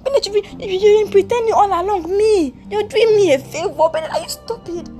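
A woman voicing a betrayed young Nigerian woman in a one-woman comic drama, shrill, tearful and scornful. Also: fairly quick, music in the background. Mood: tearful hurt. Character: betrayed young woman, angry and heartbroken fiancée.

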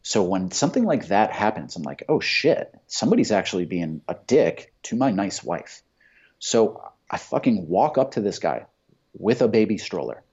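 A man's voice: on the low side, big pitch swings, normal speed, a little mellow, slightly rough. A man telling profane, heated stories in casual chat. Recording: dull lo-fi sound.

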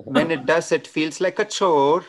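A man from India with an Indian accent, performing a stand-up comedy set of deadpan one-liners at an open mic. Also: a little high, measured pace.

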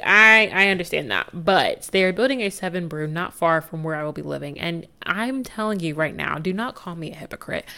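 Young woman podcaster, lowish voice, rambly candid chat w little laughs. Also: gravelly, bright, forceful tone. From United States. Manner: chatty, candid, laughs easily. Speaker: podcast host. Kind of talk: casual solo podcast chat.

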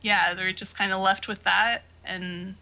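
Woman co-host, bright voice, casual recap, quick to laugh, acts out lines. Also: medium pitch, little pitch movement. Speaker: podcast co-host. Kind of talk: casual chat recapping a manga.

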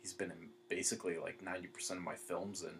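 A man's voice: low-pitched, little pitch movement, fast talker, fairly bright tone, slight background noise. A young man telling rambling, profane stories in casual chat, full of fillers and restarts.

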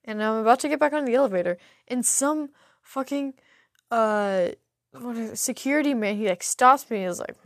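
A woman's voice: on the high side, normal speed, no room sound, studio quality. A young adult woman hosting a podcast, telling a rambling, profane story full of stuttering restarts. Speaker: podcast host. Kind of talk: casual solo storytelling.

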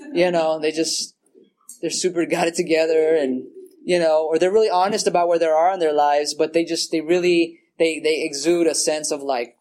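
A man's voice: on the high side, a little mellow. A man sharing his story at a recovery meeting in a rambling, casual way, full of fillers and swearing, often laughing at himself. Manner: rambling and casual, heavy on "like" and "you know", swears freely; self-mocking, laughs at himself. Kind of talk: personal share at a recovery meeting. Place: meeting room in front of a group.

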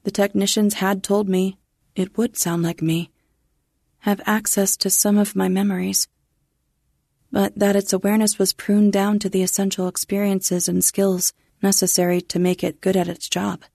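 A woman narrating a first-person science fiction story in a measured, restrained way. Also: medium pitch, flat delivery, creaky, darkish tone, no room sound, clean studio sound.

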